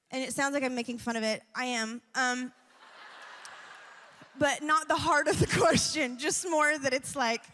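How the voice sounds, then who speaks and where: High-voiced young female worship leader, chatty and rambling at a church event. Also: fairly bright tone, big-room sound. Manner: chatty, rambling, laughs often, many fillers. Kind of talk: sermon-like personal talk.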